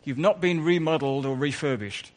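A man's voice: a little high, brisk. A man preaching a conversational sermon in church, full of asides and self-corrections.

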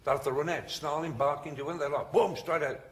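A clergyman telling humorous stories in a sermon, laughing often and breaking into shouted commands. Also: on the high side, fairly even intonation, fairly quick, echoey room. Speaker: senior clergyman preaching.

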